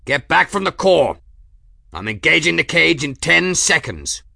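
Man doing a bellowing gruff ship engineer. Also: on the low side, normal speed, no echo, clean studio sound. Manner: shouting orders, growling.

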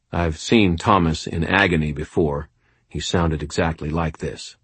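A man narrates a first-person novel in a deep, unhurried voice with a slight husk. The sound is dry and close to the mic, and his delivery stays wry and even. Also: husky, dry recording. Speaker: audiobook narrator.

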